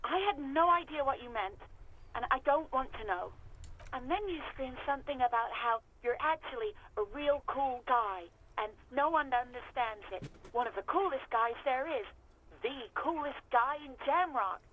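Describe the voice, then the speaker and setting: A fed-up young hotel clerk. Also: female voice, high-pitched, expressive, moderate pace, narrow, tinny audio, slight background noise. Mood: exasperated. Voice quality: blunt and exasperated. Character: weary young woman, former hotel clerk. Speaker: former hotel clerk on a phone call.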